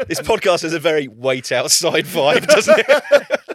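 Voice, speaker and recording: A man's voice: fairly high pitch, big pitch swings, a little slow. A man chatting as a podcast guest, rambling off on tangents and laughing often. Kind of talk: casual comedic chat.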